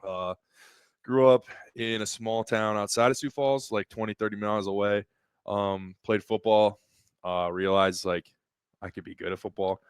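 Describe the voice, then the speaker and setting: 澄んだ低めの声の気さくな若い男性. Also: male voice, fairly low pitch, steady tone, moderate pace, clean tone, no echo, clean studio sound. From South Dakota. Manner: easygoing, laughs along, plays along with jokes. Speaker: guest, weightlifter. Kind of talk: casual interview chat.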